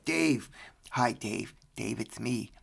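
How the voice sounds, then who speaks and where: A man's voice: medium pitch, takes it slowly, vocal fry, exaggerated voice. A man voicing an older woman phoning a radio show with a whiny, stammering complaint. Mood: aggrieved.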